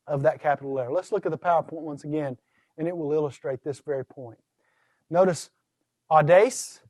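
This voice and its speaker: A man's voice: on the high side, a little mellow, dry recording. A man teaching a recorded course lecture on Greek pronunciation, posing questions to his students and answering them himself. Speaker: Greek instructor.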